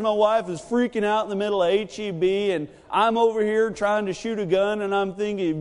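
A man in his thirties preaching a sermon, telling a family story with animated, acted-out quotes. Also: high voice, normal speed, hardly any pauses, smooth, long reverb tail. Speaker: pastor.

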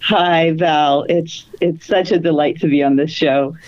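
A woman guest in a casual interview, speaking warmly and reflectively. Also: sits low, steady tone, unhurried, no room sound. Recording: dry, dull sound.

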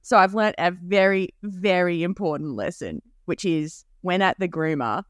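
A woman co-hosts a podcast, telling a story in casual chat and laughing often. Her voice sits on the low side at a normal speed, with clean studio sound and no room noise.

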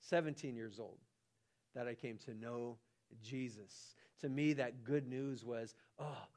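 A man preaching a sermon as pastor, animated, often restarting and repeating his words. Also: mid-range voice, measured pace. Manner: animated, acts out the angel's lines with rising excitement.

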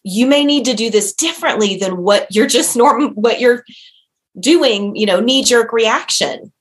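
A woman's voice: fairly high pitch, a little slow. A woman hosting a conversational interview, affirming and reflective.

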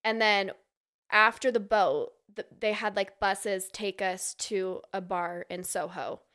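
A woman's voice: mid-range voice, flat delivery, slow pace, a bit bright, clear, resonant tone. A woman from Utah, a podcast guest, telling a long gossipy story in casual chat and acting out the people she quotes.

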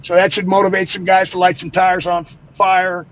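A man's voice: high voice, monotone, moderate pace. A man appearing as a guest, enthusiastically promoting an event in casual chat. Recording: dull remote feed with faint noise.

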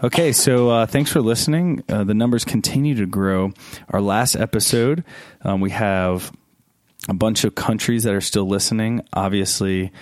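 Man, priest, podcast host, casual chat, low voice, bursts of laughter, dry close sound. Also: moderate pace, no room sound. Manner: animated, laughs often, jumps to high pitch for emphasis. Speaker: Catholic priest.

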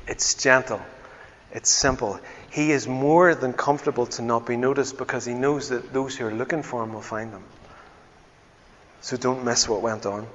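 A man preaching a sermon as pastor, swinging from loud exclamations to hushed, tender words. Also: mid-range voice. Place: church hall. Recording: dull sound with long church reverb.

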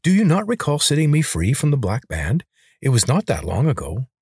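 A loyal lizard creature with a raised, husky voice and stiff, old-fashioned phrasing, put on by a man reading a storybook aloud. He speaks with solemn formality, recorded dry and close. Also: medium pitch, huge pitch swings, brisk, darkish tone, no echo, pitched above the performer's own voice, heavily acted. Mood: earnest. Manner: stiff, formal speech without contractions.

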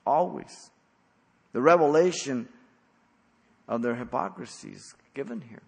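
A man preaching an expository sermon as pastor, blunt and emphatic, with sudden loud stresses. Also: medium pitch, animated, unhurried, creaky, husky, long reverb tail.

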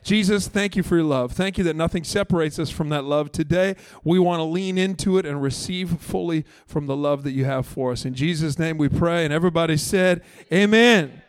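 A man's voice: a little high, fairly quick, few pauses, darkish tone, clear, resonant tone, no echo. A man preaching a church sermon as pastor, earnest and emphatic, with chatty asides to the congregation. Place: church service.

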